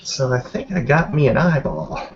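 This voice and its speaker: A man's voice: medium pitch, expressive, moderate pace. A man playing a tabletop role-playing game, counting his dice rolls aloud and swearing casually as he describes his character's moves. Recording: dull lo-fi recording.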